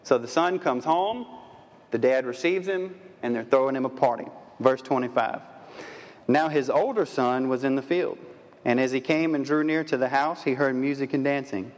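A man's voice: mid-range voice, normal speed. A pastor giving a sermon in a folksy, conversational way, throwing rhetorical questions at his listeners. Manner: asks the audience many rhetorical questions. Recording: long reverb of a large hall.

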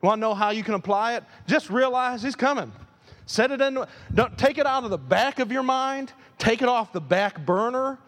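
A man preaching a sermon as pastor, animated, swinging between loud emphasis and quiet asides. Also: very high-pitched, normal speed. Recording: long hall reverb.

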